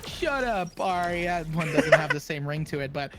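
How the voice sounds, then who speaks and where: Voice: medium pitch, steady tone, very noisy. Rambling, jokey live game caster. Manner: rapid, rambling, jokey with stumbles and restarts. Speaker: play-by-play esports caster. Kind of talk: live esports commentary.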